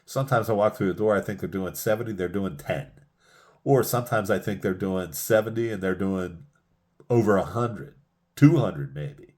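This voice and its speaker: Emphatic male sales trainer, fairly low voice, drives points home by repetition. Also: moderate pace, darkish tone. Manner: emphatic, repeats key phrases for punch. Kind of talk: motivational sales talk.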